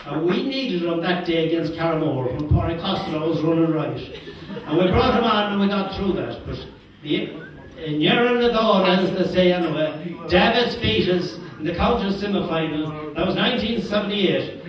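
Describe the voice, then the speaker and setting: Older Irish man, high-pitched storyteller who chuckles, heard distant and echoey in a function hall. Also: expressive, normal speed. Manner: chuckling storyteller, acts out quotes. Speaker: former team manager giving a speech. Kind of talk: anecdotal after-dinner speech.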